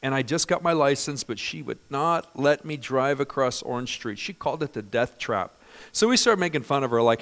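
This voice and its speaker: A middle-aged man from California preaching a sermon, lively and humorous, often asking the congregation questions. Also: medium pitch, brisk. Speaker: pastor.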